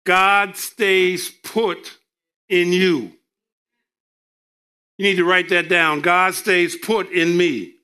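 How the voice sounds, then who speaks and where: A male preacher delivering a sermon, reading scripture with emphatic, drawn-out delivery and joking asides. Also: high-pitched, little pitch movement, sharp tone, clean tone.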